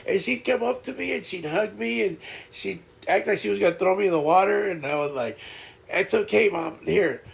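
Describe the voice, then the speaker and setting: A man's voice: high-pitched, brisk, gravelly. A man hosting a live stream, telling a casual story and laughing often.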